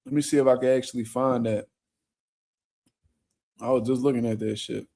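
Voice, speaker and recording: A man's voice: medium pitch, fairly even intonation, normal speed, vocal fry, dark tone. A young man hosting a casual livestream, reading viewer comments and chatting in a loose, profane way with frequent laughter. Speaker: boxing livestream host. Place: home room.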